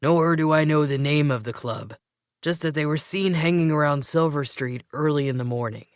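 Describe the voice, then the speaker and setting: A woman putting on a slow-drawling, teasing young man. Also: low voice, no room sound, clean studio sound, lightly acted. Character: laid-back young man, teasing and unhurried.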